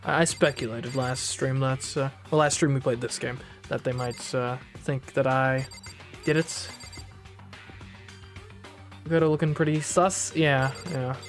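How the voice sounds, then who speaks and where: A woman's voice: a bass voice, steady tone, unhurried, soft background music. A woman streaming a video game, chatting casually, often stumbling and correcting herself. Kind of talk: casual game stream, reading dialogue aloud.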